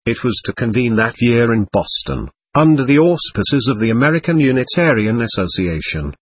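Husky male audiobook narrator. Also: medium pitch, sing-song, moderate pace, no room sound.

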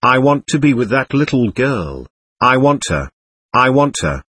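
A man's voice: medium pitch, very animated, unhurried, fairly bright tone, breathy edge, no echo, heavily acted. A man reading as a willful little ghost girl. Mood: defiant, sulking. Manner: petulant, defiant. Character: angry spirit of a young girl, willful and stamping. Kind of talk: audiobook reading of a seance record.

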